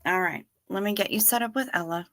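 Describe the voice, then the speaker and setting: A woman with a bright, clear tone talks casually to her viewers from her chair at home. She rambles along and often trails off. She is a little sleepy and keeps yawning. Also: medium pitch, fast. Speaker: livestream host. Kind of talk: casual livestream chat with viewers.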